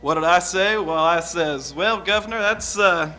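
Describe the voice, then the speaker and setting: A man's voice: high-pitched, normal speed, pushed and bright, a little hiss or hum. A man playing a young, uneducated outlaw on the witness stand, talking in a folksy, rambling, hesitant way. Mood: guarded. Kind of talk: improvised courtroom drama.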